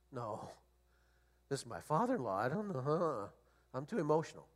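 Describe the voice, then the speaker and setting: A middle-aged or older man preaching a sermon as a guest preacher, animated and storytelling, rising to loud emphasis. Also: a little high, brisk.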